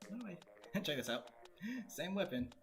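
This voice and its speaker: A man giving casual, joking commentary while streaming a game, quick to laugh and to grumble about it. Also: a little high, animated, vocal fry. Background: game music.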